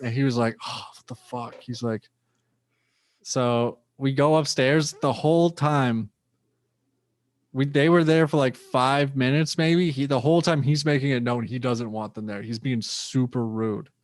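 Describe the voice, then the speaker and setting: A man's voice: medium pitch, fairly even intonation, unhurried, no echo. Profane young man telling a story. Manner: loose, profane storytelling with acted-out quotes. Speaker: comedian guest. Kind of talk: casual storytelling.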